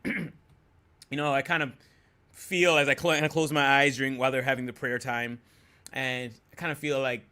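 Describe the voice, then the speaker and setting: A young man telling a personal story as a podcast guest in a relaxed, easygoing way, full of fillers. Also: mid-range voice. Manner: relaxed, many fillers like "you know" and "um". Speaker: guest, host's husband. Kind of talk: casual storytelling.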